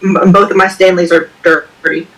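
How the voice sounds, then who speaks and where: A woman's voice: on the low side, flat delivery, moderate pace, fairly bright tone, recorded from a distance. A woman co-hosting a book club livestream over a video call, talkative and joking. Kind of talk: casual chat.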